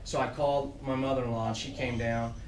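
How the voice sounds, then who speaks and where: A man's voice: medium pitch, fairly quick, far from the mic, background noise. Middle-aged man telling stories in an echoey room. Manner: storytelling, animated, laughing through funny parts. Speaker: program director speaking to youth trainees. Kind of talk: motivational talk to a group. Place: room with an audience.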